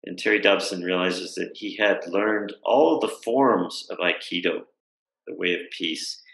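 Deep gravelly-voiced man telling a story. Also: a little slow, fairly bright tone, reverberant, poor audio. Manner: thoughtful, with frequent fillers and rhetorical "right?". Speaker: guest speaker. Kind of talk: reflective storytelling conversation. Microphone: video call.

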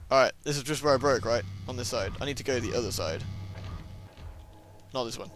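A man's voice: medium pitch, brisk, pauses often, over music. A man giving sarcastic, playful commentary over gameplay, joking with the characters on screen. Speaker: let's play commentator.

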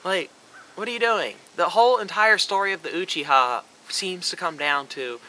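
A man's voice: high voice, moderate pace, bright, forceful tone, rough recording. A man vlogging a ranting commentary, sarcastic and profane, mocking what he criticizes.

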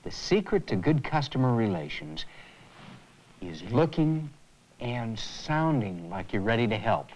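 A man's voice: mid-range voice, sing-song, a little slow, darkish tone, dull audio. An actor playing an eager man learning about customer service, in a 1980s educational film. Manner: eager, questioning. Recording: faint hiss on an old tape transfer.

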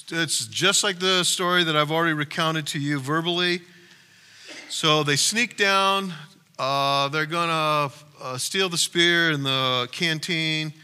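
A man's voice: on the high side, pushed and bright, clear, resonant tone. A male pastor giving a sermon in a conversational way, retelling a story with asides to the congregation. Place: church.

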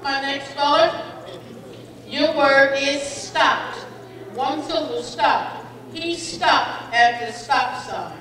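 Woman reading out spelling words slow n clear, kinda high voice, big echoey hall, mic far off, faint crowd. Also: sharp tone. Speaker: spelling bee pronouncer. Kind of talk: reading words, definitions and example sentences. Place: school gym or hall.

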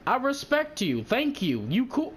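A man chatting loudly over a game headset, teasing his friends, swearing and laughing a lot. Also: extremely high pitch, huge pitch swings, unhurried. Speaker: gamer. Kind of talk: casual chat over game voice chat.

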